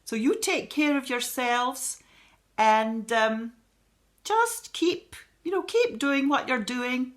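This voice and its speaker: A woman singing show tunes and then chatting warmly to her viewers in a theatrical, heartfelt and effusive way. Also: sits high, expressive, slow. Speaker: club member performing songs.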